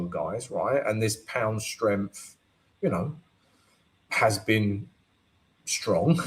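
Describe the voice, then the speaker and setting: A man with a medium-pitched voice hosts a live trading stream, explaining charts in an unhurried, casual way and keeping up the Q&A with frequent "right?" and "you know". The audio quality is poor.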